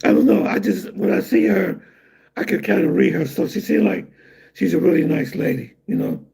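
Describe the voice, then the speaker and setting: A man's voice: high voice, very animated, vocal fry, mellow, slightly rough. A man talking casually on a live stream in a rambling, conversational way, reacting to viewer comments. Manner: rambling, conversational, drawn-out asides. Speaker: vlogger reading chat comments.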